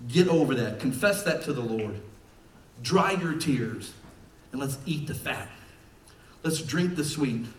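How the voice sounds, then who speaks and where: A male pastor preaching a passionate sermon to his church, swinging from quiet talk to shouting. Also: medium pitch, lively intonation, a little slow, long pauses, slight background noise. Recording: echoey church room from far off.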